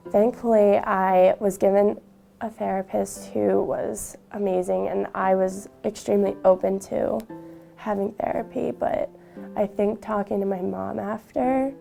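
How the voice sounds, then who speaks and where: A young woman, a university student, telling her personal story in an interview, halting, with frequent fillers and restarts. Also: mid-range voice, vocal fry, warm tone.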